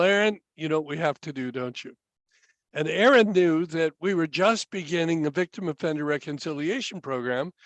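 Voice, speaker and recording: Older man, high voice, dry sound. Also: no echo, rough recording. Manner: unhurried, halting, chuckling storyteller. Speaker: speaker telling stories. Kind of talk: storytelling talk at a webinar.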